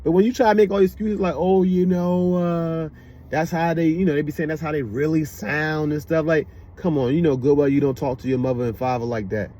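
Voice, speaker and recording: Male vlogger with a DC-area accent, slightly raised pitch, loose rambling commentary, cars faintly heard outside. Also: fast, few pauses, a little hiss or hum. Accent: Washington DC area. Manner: rambling, with repeated fillers. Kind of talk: casual commentary. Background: loud car passing outside.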